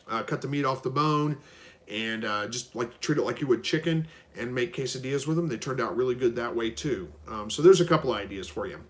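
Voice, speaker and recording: A man from Southwest Missouri hosting a casual livestream, reading viewers' questions aloud and answering them in an easygoing, halting way with frequent ums. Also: fairly high pitch. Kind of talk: casual live Q&A, reading out chat.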